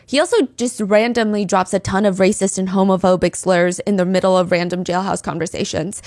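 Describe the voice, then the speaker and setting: A woman's voice: mid-range voice, fairly even intonation, brisk, a little mellow, no echo. A woman hosting a podcast, telling a true-crime story with blunt, sarcastic commentary into a close mic. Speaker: podcast host.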